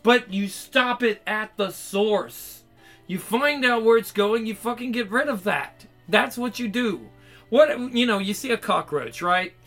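Angry guy going off on a rambling cursing rant, highish bright voice. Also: lively intonation, a little slow, faint music behind. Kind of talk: ranting monologue.

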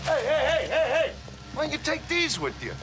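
An actor playing a hot-tempered man who swears, insults and shouts at everyone in a film. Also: very high voice, huge pitch swings, fairly quick, over loud music, exaggerated voice. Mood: abusive. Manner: foul-mouthed, insulting, shouting. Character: hot-tempered, foul-mouthed man, quick to pick fights. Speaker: abrasive customer in a film scene. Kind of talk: film acting.

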